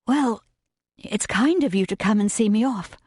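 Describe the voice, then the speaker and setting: A woman voicing a gentle, devout young governess in an audiobook reading, speaking softly. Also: medium pitch, moderate pace, slightly rough, no echo, studio quality, pitched above the performer's own voice, close to an everyday voice. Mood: hurt. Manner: soft, wondering, tender. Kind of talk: audiobook narration.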